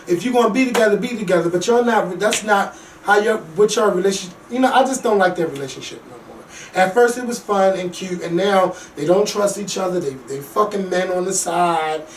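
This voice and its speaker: A man hosting a casual talk show, ranting bluntly and profanely about reality TV, with lively swings in loudness. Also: sits high, fairly quick, slight background noise. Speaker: podcast host. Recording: echoey room, mic at a distance.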